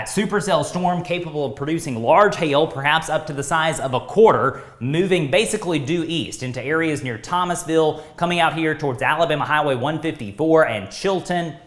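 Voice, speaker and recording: Male meteorologist on live storm coverage, urgent and repetitive, voice tiring, slightly raised pitch, roomy echo. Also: fairly bright tone. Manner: urgent, repeats warnings. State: voice tiring from talking all day. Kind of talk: live severe weather coverage.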